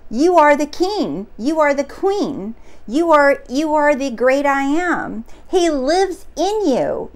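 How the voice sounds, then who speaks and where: A woman coaching her viewers in a casual, earnest spiritual talk that repeats itself and gets excitable. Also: high voice. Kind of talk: casual teaching monologue.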